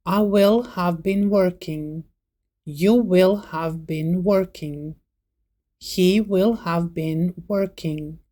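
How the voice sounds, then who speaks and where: A woman teaches a grammar lesson in a slow, unhurried voice with a mellow, warm tone. Her pitch sits a little low, and she reads out example words one by one in a deliberate, scripted way.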